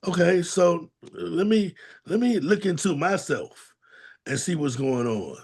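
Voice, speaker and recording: A man's voice: fairly high pitch, lively intonation, unhurried, darkish tone, slightly rough. A man co-hosting a talk show, giving candid, plainspoken testimony in casual slang and acting out quotes from people in his past. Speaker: podcast co-host and domestic violence advocate.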